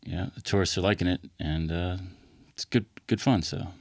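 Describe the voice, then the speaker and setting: A middle-aged man with an American accent, chatting easily as a podcast guest in a recording studio, unhurried with plenty of fillers. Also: low-pitched, creaky. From England. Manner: easygoing, relaxed, halting with fillers. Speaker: podcast guest, costumed street performer. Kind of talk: casual interview chat.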